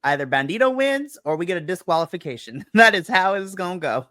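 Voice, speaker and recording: A man co-hosting a wrestling podcast, recapping the show in a playful, animated way and acting out quotes. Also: sits high, a little fast, no room sound, studio quality. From US West Coast. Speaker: podcast co-host. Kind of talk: casual chat, wrestling review. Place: home.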